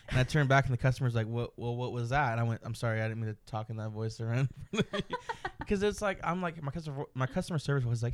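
A man's voice: mid-range voice, fast talker, a little hiss or hum. Teasing young man hosting a podcast. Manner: teasing storyteller, acts out other people's lines. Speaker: podcast host. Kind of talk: casual chat.

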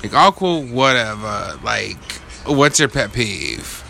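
A young man co-hosting a casual chat, lively and animated, swearing as he acts out little scenes. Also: mid-range voice, slow pace, creaky, soft background music. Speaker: podcast co-host.

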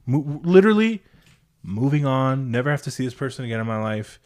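A man's voice: mid-range voice, big pitch swings, fairly quick, a little mellow. A man hosting a podcast in casual, blunt, heavily profane chat. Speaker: podcast host.

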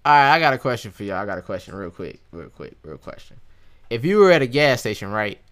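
A man's voice: on the low side, very animated, fast talker, a bit bright. A young man in a casual chat with friends, joking, laughing often and acting out stories.

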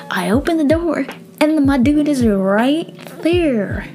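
A young adult woman telling a story casually, animated and profane, acting out dialogue and sometimes dropping into a whisper. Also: high voice, slow pace, over music. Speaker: vlogger.

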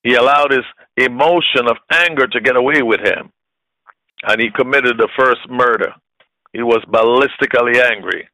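A man's voice: mid-range voice, normal speed, dry recording, poor audio. A man preaching a sermon with impassioned, emphatic delivery and repeated phrases. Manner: impassioned, rising to shouted peaks.

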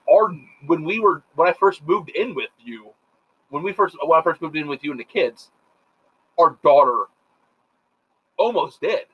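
A middle-aged man telling rambling, profane stories in a casual chat, animated and full of quoted voices. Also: a little high, unhurried, long pauses, slightly rough. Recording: dull lo-fi sound.

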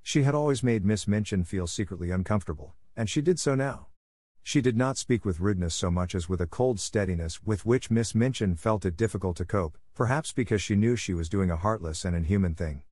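A man narrating a classic novel aloud in a calm, even storytelling manner. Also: fairly low pitch, brisk, dry recording, clean studio sound. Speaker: audiobook narrator.

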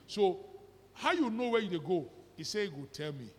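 A middle-aged pastor with a Nigerian accent preaches a sermon in a church hall, his high voice expressive and at normal speed. He mixes pidgin and English and fires rhetorical questions at the congregation, and the recording is reverberant.

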